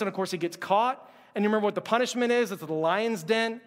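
A man preaching a sermon in a conversational, animated way, acting out the quotes. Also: high-pitched, fast. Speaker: pastor. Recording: long hall reverb.

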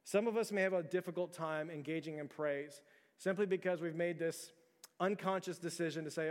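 A man's voice: fairly high pitch, steady tone, fast. A man in his thirties preaching a sermon, conversational and repeating words, building to emphatic peaks. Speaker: pastor. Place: church sanctuary. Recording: long church hall reverb.

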